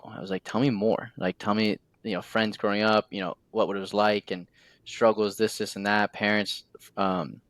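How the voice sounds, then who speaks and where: A man's voice: on the low side, dry recording. A young man hosting a podcast, telling a personal story in a casual, rambling way with many fillers and restarts. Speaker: podcast host. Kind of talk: casual heartfelt conversation.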